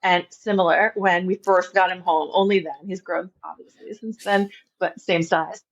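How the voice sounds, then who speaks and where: A Long Island woman with a faint New York accent guests on a podcast in a casual interview, laughing often and saying "like" a lot. Her pitch is fairly low and her tone steady at a moderate pace, though the audio is dull.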